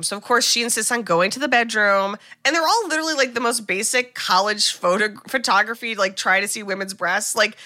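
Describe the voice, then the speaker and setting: A woman's voice: on the high side, brisk, hardly any pauses, sharp tone, dry recording, clean studio sound. A woman co-hosting a podcast, retelling a movie plot in casual, chatty talk full of "like" and the odd swear word. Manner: chatty, frequent "like", swears freely. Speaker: podcast co-host. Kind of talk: casual film recap chat.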